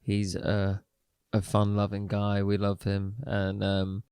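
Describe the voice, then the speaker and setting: Easygoing male musician with a low, smooth voice and a dry sound, chatting with fillers. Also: monotone, darkish tone, no room sound. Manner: easygoing, giggly, halting with fillers. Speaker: band member. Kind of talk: casual interview chat.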